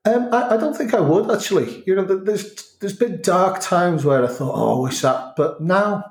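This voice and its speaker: A man's voice: high-pitched, animated, normal speed, reverberant. A middle-aged man from North Wales with a North Welsh accent touched by Scouse and Manchester, talking reflectively in a casual conversation and often restarting his sentences. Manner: reflective, rambling with many restarts. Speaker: interview guest.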